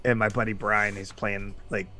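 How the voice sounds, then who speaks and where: A man's voice: fairly low pitch, level tone, normal speed, pushed and bright, slight background noise. Man swearing through a rambling story. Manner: profane, rambling, laughs often. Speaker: tabletop game player. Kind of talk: casual storytelling.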